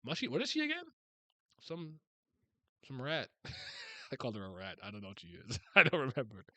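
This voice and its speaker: A man giving a casual live reaction while reading manga, animated and slangy, laughing often and thinking aloud. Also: fairly high pitch, moderate pace, no room sound.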